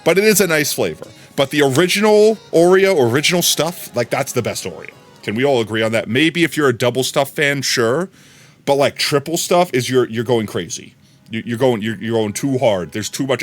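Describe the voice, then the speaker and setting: A male streamer chats loosely to his audience at an ordinary mid pitch, circling back over his own words and chuckling between thoughts. Faint music plays quietly behind him. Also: lively intonation, a little fast. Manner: rambling, repeats words, laughs often. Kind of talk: casual stream chat.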